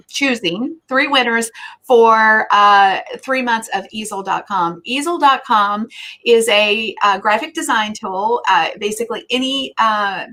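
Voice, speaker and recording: A middle-aged woman from the United States hosts a live online show in an effusive, chatty way. Her speech is loose and full of filler words, and she warmly greets the people watching. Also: on the high side. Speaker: host.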